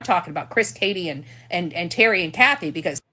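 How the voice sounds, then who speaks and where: A woman's voice: on the low side, lively intonation, fast, bright, forceful tone. A woman in a played video clip, explaining herself in a defensive, aggrieved way.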